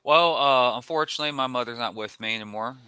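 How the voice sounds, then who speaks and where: Male podcast co-host, rambling storyteller, clear smooth voice. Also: mid-range voice, quick pace, sharp tone, dry recording. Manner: rambling storyteller with frequent restarts. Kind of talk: casual podcast chat.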